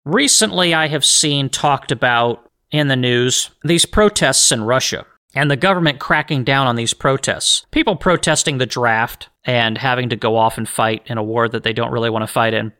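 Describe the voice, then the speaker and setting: Bright-voiced man arguing on his podcast. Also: mid-range voice, normal speed. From United States. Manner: argumentative, rhetorical questions, frequent restarts. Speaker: podcast host. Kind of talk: solo opinion podcast monologue.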